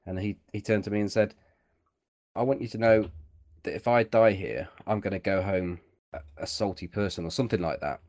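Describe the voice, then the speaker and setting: A man's voice: fairly low pitch, fairly quick, a little mellow. A man co-hosting a podcast, chatting casually and teasing his partner while they play a game. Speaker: podcast co-host. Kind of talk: casual chat while gaming.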